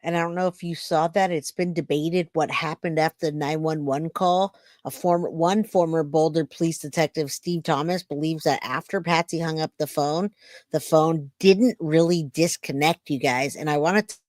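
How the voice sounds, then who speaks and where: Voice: mid-range voice, no echo, clean studio sound. A true crime channel host talking casually to viewers, reacting to archive audio and addressing them as "you guys".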